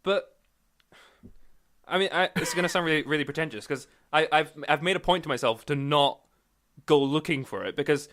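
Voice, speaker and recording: A man's voice: a little high, fairly quick, pauses often, fairly bright tone. A man co-hosting a casual comedy podcast, throwing in wry quips and rambling through his points. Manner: wry interjections, rambling restarts. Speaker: podcast co-host.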